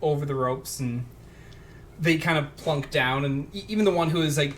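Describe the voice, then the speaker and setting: A man narrating a tabletop game as game master, describing scenes in halting bursts full of fillers. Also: a little high. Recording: faint background noise.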